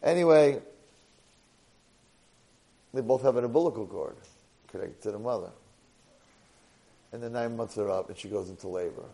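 A man teaching a Torah portion lesson to a live class, an animated storyteller sprinkling in Hebrew and Yiddish words. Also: lowish voice, moderate pace, gravelly, pauses often, poor audio.

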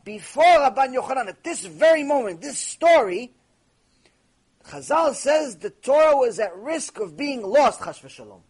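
Husky high-voiced man teaching a lesson. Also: expressive, a little slow. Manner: repeats phrases, mixes in Hebrew terms. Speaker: Torah teacher. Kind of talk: storytelling lecture.

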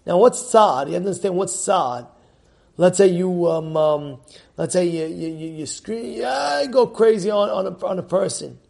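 Animated, gravelly male Torah teacher. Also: sits high. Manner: animated, repeats and restarts, Hebrew terms. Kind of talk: Torah class with a story.

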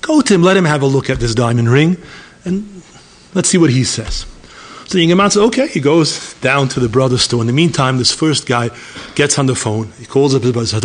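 A man preaching in a storytelling sermon, acting out the dialogue and rising to high, emphatic exclamations. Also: animated, a little fast. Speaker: rabbi.

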